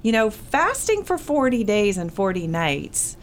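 A woman's voice: medium pitch, very animated, a little slow, slight background noise. A woman in a Bible study group sharing a personal experience in a rambling way, full of fillers and restarts. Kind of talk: casual group discussion.

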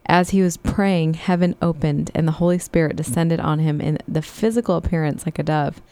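A woman taking part in a casual Bible study, reading scripture aloud plainly and responding warmly in discussion. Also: low voice, steady tone, fairly quick.

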